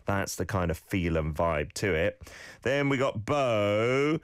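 A man's voice: deep voice, normal speed, dry recording, clean studio sound. A man hosting a radio language lesson, coaching listeners on their pronunciation with friendly feedback. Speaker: radio host teaching Korean.

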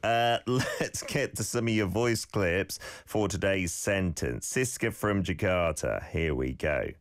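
Male radio host; deep, expressive, dry close mic; warm-humored teacher who corrects gently. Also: no echo. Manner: playful, patient, repeats phrases slowly to correct pronunciation. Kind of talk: casual radio lesson.

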